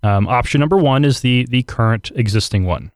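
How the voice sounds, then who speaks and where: A man's voice: medium pitch, expressive, fairly quick, no room sound. A man hosting a podcast in casual chat, joking and talking with frequent fillers into a studio mic. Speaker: podcast host.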